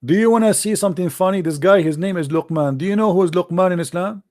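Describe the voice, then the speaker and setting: Call-in debate host, male, mocking and taunting, mellow voice pitched a bit high. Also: quick pace. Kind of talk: live call-in religious debate.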